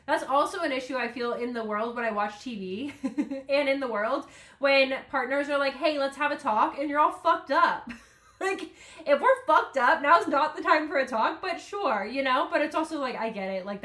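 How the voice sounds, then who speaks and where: Alone on her podcast, a host with a high, sharp voice talks at normal speed in a casual, emotional way, wandering off topic and laughing a lot. Her voice echoes with reverb.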